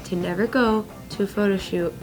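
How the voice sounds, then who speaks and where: Woman chatting on a panel, mid pitch, lively storytelling, bit of music behind. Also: a little fast. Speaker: commentator. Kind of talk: casual panel chat.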